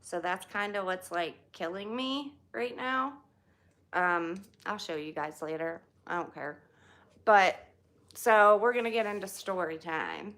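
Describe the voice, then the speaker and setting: Chatty woman, bright voice. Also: mid-range voice, measured pace. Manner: chatty, greets viewers by name, laughs often. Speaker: livestream host. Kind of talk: casual livestream chat.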